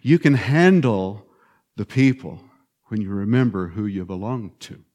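Speaking a little slowly in a voice on the low side, a male pastor delivers an animated, emphatic sermon. He alternates loud stresses with hushed lines and keeps repeating short phrases.

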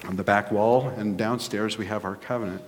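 A man's voice: on the low side, fairly even intonation, fairly quick. A man preaching a conversational sermon as pastor, rising to emphatic points. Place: church sanctuary. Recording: long reverb of a church hall.

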